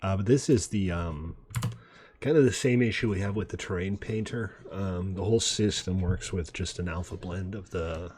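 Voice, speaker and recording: A man casually commenting on his city-building game as he plays, relaxed and chatty with self-deprecating asides. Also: sits low, normal speed, breathy edge. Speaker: gaming video host. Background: faint mouse clicks and typing.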